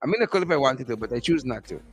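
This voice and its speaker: A man with a Guyanese accent hosting a live stream from outdoors, repeating upbeat shout-outs to his viewers by name. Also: medium pitch, breathy edge. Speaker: host.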